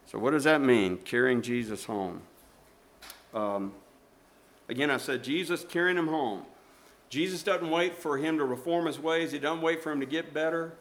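A middle-aged or older male preacher giving a sermon. He tells stories with emphasis and repeats his phrases, moving between loud and hushed delivery. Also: a little high, normal speed.

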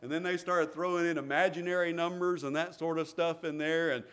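Middle-aged guy preaching, kinda high voice, chatty, keeps repeating himself. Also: fairly even intonation, a little fast, a bit bright, smooth. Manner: conversational, repeats words, chuckles between points. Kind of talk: sermon.

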